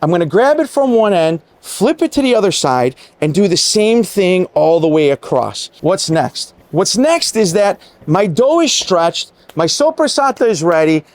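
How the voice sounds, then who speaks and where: A man's voice: high voice, a little mellow, dry recording. A middle-aged man, a chef giving an enthusiastic, chatty cooking demonstration and talking straight to his viewers.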